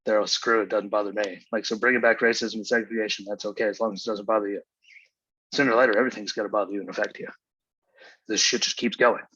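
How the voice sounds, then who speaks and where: A man's voice: fairly low pitch, bright, forceful tone, breathy edge, no room sound, lo-fi sound. A man hosting his own show, delivering an angry, profane, exasperated solo rant. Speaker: podcast host.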